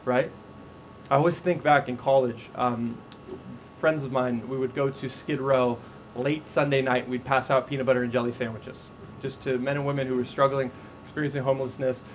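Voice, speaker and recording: A man preaching a sermon as a pastor, telling stories in a casual, animated way with frequent restarts. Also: medium pitch, normal speed, a little hiss or hum, rough recording.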